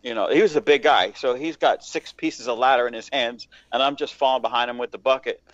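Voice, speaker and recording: A man's voice: mid-range voice, fairly quick, fairly bright tone, no echo. Profane storytelling man, dull dry sound. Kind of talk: casual storytelling.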